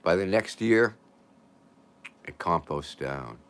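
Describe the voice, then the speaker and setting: An older man hosting a casual livestream, rambling and chuckling as he reads out viewer comments, his voice drifting from loud to quiet. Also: sits low, animated, slow, clean tone. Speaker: livestream host.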